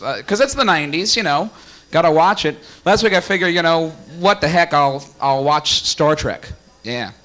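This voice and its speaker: A man's voice: sits high, bright, forceful tone. A man hosting a comedy night in a small cafe, joking with the crowd before bringing up the next act. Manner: joking, playful crowd banter. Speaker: host and emcee. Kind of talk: emcee stand-up banter. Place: small cafe stage with a live audience.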